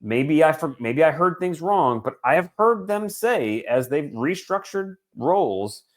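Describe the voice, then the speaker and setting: A man in his forties co-hosting a podcast, talking sports in an animated, joking way and swearing freely. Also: on the high side, measured pace. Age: 40s. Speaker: podcast co-host. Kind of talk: casual sports chat.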